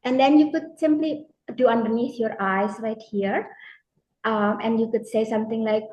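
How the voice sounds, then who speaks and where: A woman with a slightly high voice talks gently and hesitantly, pausing on fillers as she explains. She sounds like a coach answering interview questions. The recording is roomy and echoey. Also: fairly even intonation, dull audio. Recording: echoey room.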